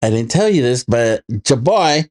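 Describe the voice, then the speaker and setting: A man co-hosting a casual podcast, laid-back and swearing freely, slipping into animated quoted voices as he tells stories. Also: medium pitch, moderate pace. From immigrated to the United States as a child. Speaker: podcast co-host. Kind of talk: casual chat.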